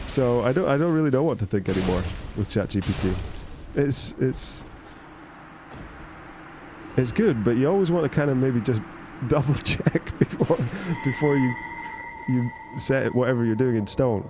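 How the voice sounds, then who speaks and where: A man's voice: mid-range voice, animated, normal speed. Rambling male streamer over noise. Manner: rambling, self-interrupting, jokey. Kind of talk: casual gaming stream chat.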